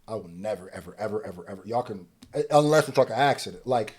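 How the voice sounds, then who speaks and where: A man hosting a music reaction video, casually commenting and swinging from quiet musing to loud, excited rants. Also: fairly low pitch, fast talker, breathy edge.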